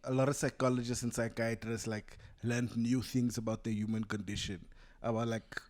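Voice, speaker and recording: A man's voice: mid-range voice, flat delivery, moderate pace, darkish tone. A young man from South Africa, a podcast guest in casual discussion, thinking aloud as he talks, recorded through a camera's built-in mic. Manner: thinks aloud, many fillers and restarts.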